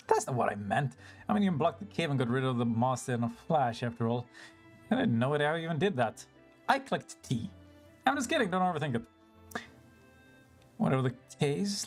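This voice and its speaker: A game streamer rambling through live commentary, mocking themselves and swearing along the way. The voice swings widely in pitch, lively and animated, and laughter breaks in often. Faint game music plays underneath. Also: brisk, long pauses. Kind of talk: casual live-stream commentary over gameplay.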